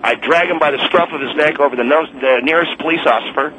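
A man's voice: fairly high pitch, quick pace, bright, forceful tone, slight background noise, poor audio. A man voicing a boastful, touchy self-styled auxiliary policeman calling a radio talk show. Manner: boastful, indignant, combative. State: claims to have the flu. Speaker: caller.

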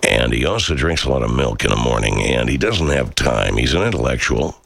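A middle-aged man, a radio talk show host, chatting casually and answering viewer comments in a rambling, profane, animated way. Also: rumbling low, brisk, creaky, breathy edge, no room sound, studio quality.

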